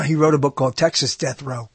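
Husky, muttering male radio host. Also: a little high, animated, a little fast, fairly bright tone, no echo. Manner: mutters and trails off while searching. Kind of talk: rambling talk while browsing old recordings.

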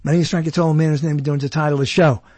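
Podcast host, male, husky voice, lively delivery, dry close sound. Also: fairly high pitch, rapid-fire, no room sound. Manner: animated, explains while humming along. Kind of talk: casual talk about songs.

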